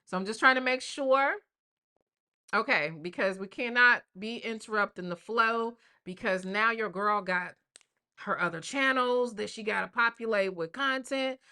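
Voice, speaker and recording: Her voice is fairly high and bright with a forceful edge, moving at normal speed. This grandmother hosts a laid-back live stream, chatting with viewers in slang and addressing them as "y'all" and "baby."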